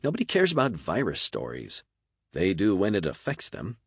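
A man's voice: low-pitched, huge pitch swings, normal speed, gravelly, slightly rough, no echo, clean studio sound, pitched above the performer's own voice, exaggerated voice. A man voicing a stubborn young woman reporter who complains and asks doubtful questions. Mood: questioning.

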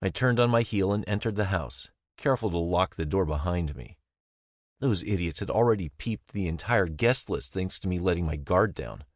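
A man's voice: low-pitched, darkish tone, no echo, clean studio sound. A young man reading a first-person novel aloud in a wry, easygoing way. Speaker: narrator. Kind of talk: first-person audiobook narration.

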